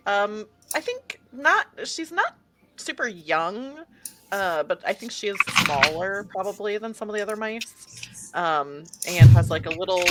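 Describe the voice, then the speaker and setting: A woman's voice: on the low side, a bit bright, slight background noise. A woman who plays in a tabletop game, chatty and full of "like", describing her character. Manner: chatty, lots of "like".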